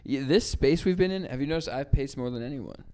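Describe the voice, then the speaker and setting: A young man co-hosting a casual podcast, an animated storyteller who mimics coworkers and laughs often. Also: medium pitch, fast, slight background noise. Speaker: podcast co-host. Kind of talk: casual chat.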